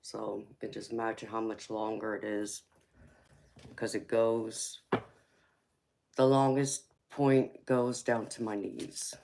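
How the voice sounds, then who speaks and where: A woman with a Southern US accent doing a chatty live-stream tarot reading, speaking in a relaxed drawl and calling her viewers y'all. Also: a bass voice, slow pace, vocal fry, long pauses, slight background noise. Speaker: tarot reader.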